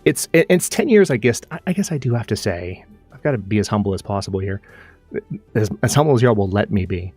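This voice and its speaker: A man's voice: mid-range voice, a little mellow, dry recording. A man hosting his own live stream, chatting casually and animatedly, rambling with restarts while he plays a game. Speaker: streamer and channel host.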